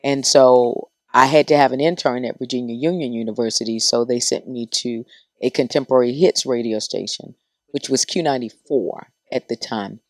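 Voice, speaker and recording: A middle-aged woman telling stories as a podcast guest in a dry studio. She talks in a lively, animated way and acts out the people she quotes. Her voice sounds like that of a radio personality. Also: rumbling low, normal speed, dry recording. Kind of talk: casual podcast storytelling.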